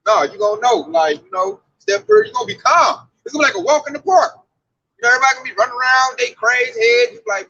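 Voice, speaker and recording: Excitable high-voiced, gravelly preaching man. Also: fast, muffled recording. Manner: excitable, exclaims and riffs loosely. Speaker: street preacher. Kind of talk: informal preaching chat.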